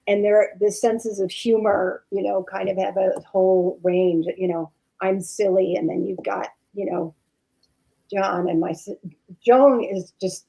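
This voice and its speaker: Actress lady guest on a call, husky voice with some fry, lots of um and you know. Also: mid-range voice, dark tone, rough recording. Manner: rambling, many fillers and restarts. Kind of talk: casual interview chat.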